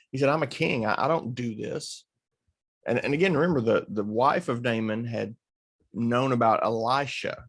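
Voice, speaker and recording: A man teaching from the Bible in a casual, conversational way, asking rhetorical questions and acting out what people say. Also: mid-range voice. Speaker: preacher and teacher.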